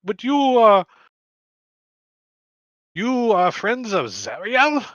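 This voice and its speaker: An effusive male merchant with an Indian accent greets old friends warmly and presses for answers, as a man puts him on. His voice is bright and lively, and it sits a little high. It sounds dry and close. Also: extremely slow, dry recording, lo-fi sound, heavily acted. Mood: effusive, insistent.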